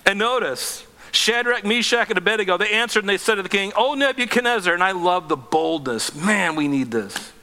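A man preaching a sermon, telling Bible stories with lively, acted-out quotes and chuckles. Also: sits high, normal speed, hardly any pauses. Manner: animated storytelling, acting out scripture quotes, chuckling. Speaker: pastor.

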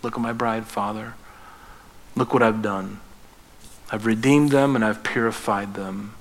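A man voicing a tender male divine figure who proudly presents his bride, speaking in a hushed, awed whisper during a sermon. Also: on the low side, fairly even intonation, unhurried, poor audio. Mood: tender awe.

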